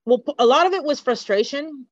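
A woman's voice: high-pitched, lively intonation, brisk, no echo. A woman speaking as a podcast guest in a candid conversation, earnest, open and reflective. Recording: dull lo-fi podcast audio.

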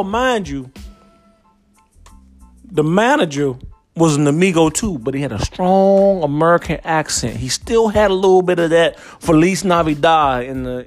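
A man hosting a comedic story time show, telling a tale in a profane, slangy, animated way. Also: a little high.

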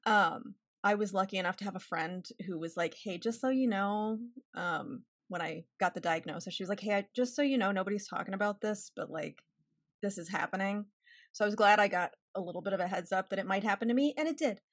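A woman's voice: medium pitch, brisk, no room sound, clean studio sound. A woman in her forties, a therapist guest in a casual interview, talking candidly and wryly and laughing often. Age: 40s.

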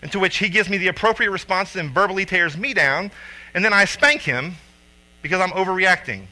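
A man in his thirties, a father and youth coach, telling a personal story with lively acted-out quotes. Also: high voice, fairly quick, poor audio. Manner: animated storyteller acting out quotes loudly.

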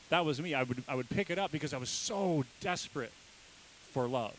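A man's voice: a little high, animated, fairly quick, fairly bright tone, low-quality recording. Laid-back joking pastor guy giving a sermon, chatty with the crowd, faint hiss under it. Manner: casual, joking and conversational.

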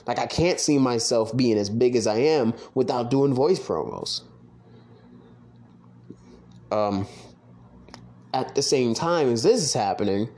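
A young man telling stories from his own past in a casual, profane, excitable monologue. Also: lowish voice. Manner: profane, excitable, quotes others in animated voices. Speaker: podcast host recounting his online wrestling league career.

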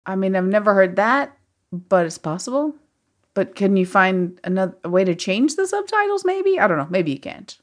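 A woman's voice: mid-range voice, big pitch swings, normal speed. A woman co-hosting a podcast in casual chat, with dry, teasing, sarcastic asides. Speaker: podcast co-host reviewing films.

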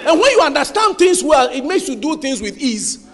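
A male pastor preaches with a strikingly high voice. He drives his points home emphatically, quizzing the congregation to complete his sentences. The sound rings with the long reverb of a church hall. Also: big pitch swings, normal speed, a bit bright. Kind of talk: sermon.

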